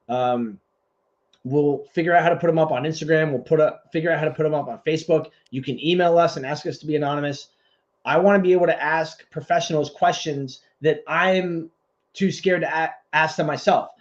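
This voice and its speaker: A man's voice: on the high side, fairly quick, dull audio. A man co-hosting a podcast in casual chat, ranting with lots of swearing. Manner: animated, profane ranting. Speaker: podcast co-host.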